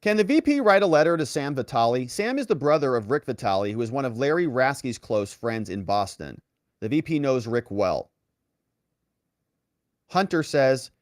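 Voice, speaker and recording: Brief: male legal-news host, mid pitch, sarcastic asides, dry close-mic sound. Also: big pitch swings, moderate pace, no room sound. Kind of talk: online political commentary.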